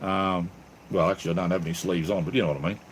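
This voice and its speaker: A man's voice: deep voice, fairly even intonation, very fast, a little hiss or hum. Rambling Australian man chatting with viewers. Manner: rambling, friendly, calls viewers mate and brother. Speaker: channel host reading live chat. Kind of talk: casual live-stream chat.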